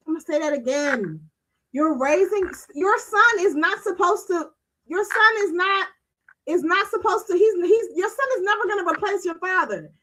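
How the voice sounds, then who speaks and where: A woman's voice: very high voice, bright, forceful tone, low-quality recording. A woman hosting a streaming talk show, ranting bluntly with a lot of swearing and emphatic delivery. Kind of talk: casual livestream commentary.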